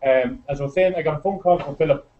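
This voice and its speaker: A middle-aged Irish man giving a chatty, storytelling speech to a live audience, getting excited as he goes. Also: a little high, fast. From Ireland. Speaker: presenter at a business meeting. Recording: muffled lo-fi recording.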